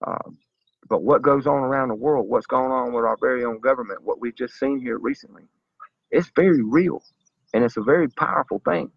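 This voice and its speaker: Man, zealous preachy vlog monologue, gravelly, dry dull sound. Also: medium pitch, brisk, dry recording. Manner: zealous, preachy, talks straight to viewers. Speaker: vlogger. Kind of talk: earnest direct-to-camera monologue.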